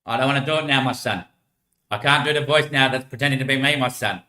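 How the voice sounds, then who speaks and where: A man voicing a calm, knowing male guiding spirit who keeps calling the listener "my son". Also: medium pitch, quick pace, natural voice. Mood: solemn. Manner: ends each sentence with "my son". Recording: echoey room.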